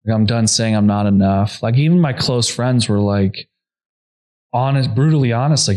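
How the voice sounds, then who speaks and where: A young adult man, a podcast guest, earnestly telling a personal story at a quick clip, full of "like" fillers. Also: medium pitch, darkish tone. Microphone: podcast microphone.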